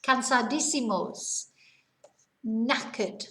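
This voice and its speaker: A woman leads a vocabulary lesson at an unhurried pace. Her voice sits a touch high and she explains each term patiently with examples. The recording has a noticeable roomy echo. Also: a bit bright. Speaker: English teacher.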